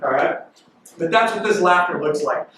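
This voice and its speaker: A high-voiced man gives a playful youth sermon, joking and breaking into loud mimicry. He sounds far from the mic, and a big hall rings around him with a faint hiss behind. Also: moderate pace. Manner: animated and jokey, bursts into loud mimicking. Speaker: youth pastor. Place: large echoey worship hall. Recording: distant mic in reverberant hall.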